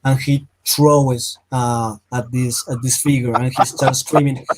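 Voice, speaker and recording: A man at mid pitch tells what his character does in a tabletop game. He tumbles through restarts as the action gets going. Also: noisy background. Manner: excitable, halting storytelling. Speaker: player.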